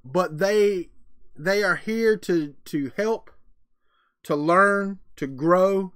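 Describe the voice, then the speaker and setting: A man's voice: high-pitched, fairly bright tone, dry recording. Folksy man, dry close sound. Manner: chatty, folksy, answers chat between thoughts. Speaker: livestream host. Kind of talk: casual live-stream chat.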